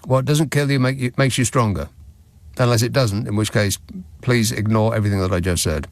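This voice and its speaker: A man's voice: medium pitch, a little fast, no room sound. A man hosting a late-night radio phone-in, talking in a dry, sardonic, mock-indignant way.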